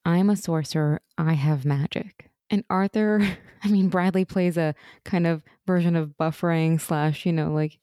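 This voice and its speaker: Mellow-voiced woman recapping a TV episode. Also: deep voice, normal speed, few pauses, smooth, no room sound, studio quality. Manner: animated retelling, acts out quoted lines, laughs often. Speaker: podcast co-host. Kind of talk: casual TV recap chat.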